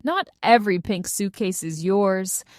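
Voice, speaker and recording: A good-humored father who teases his daughter dryly, read by a woman in her own voice. Slow, plain storybook delivery. Close and dry, with no room sound. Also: mid-range voice, no echo, natural voice. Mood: teasing. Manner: dry, teasing.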